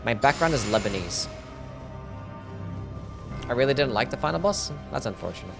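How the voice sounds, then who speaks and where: A man's voice: mid-range voice, animated, moderate pace, gravelly, over music. A young Australian man casually commentating a live game stream, answering chat questions and swearing freely.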